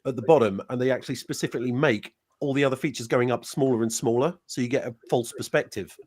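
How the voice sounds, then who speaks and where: A man's voice: medium pitch, quick pace, a little mellow. A man in a casual livestream chat, explaining things earnestly and in detail.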